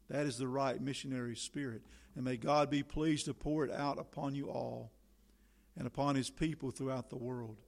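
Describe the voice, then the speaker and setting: A man's voice: mid-range voice, steady tone, moderate pace, creaky. A man preaching a sermon in solemn, old-fashioned biblical language, building to fervent appeals. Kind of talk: sermon reading.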